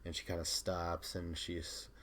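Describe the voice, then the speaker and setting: A man's voice: low voice, monotone, measured pace, a bit bright. A man hosting a podcast, chatting casually through a recap, often laughing and retelling scenes with quoted lines. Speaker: podcast host.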